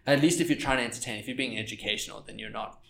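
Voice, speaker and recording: Young filmmaker dude chatting casually, cusses a lot, does squeaky mock voices for quotes. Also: male voice, very fast, vocal fry. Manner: animated, swears freely, acts out quotes in high mocking voices. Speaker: filmmaker and content creator. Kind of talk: casual podcast chat.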